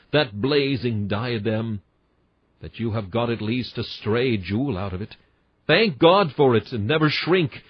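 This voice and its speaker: A man's voice: mid-range voice, breathy edge, dry recording, dull audio. A man reading a classic sermon aloud in an emphatic, earnest preaching cadence. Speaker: sermon reader.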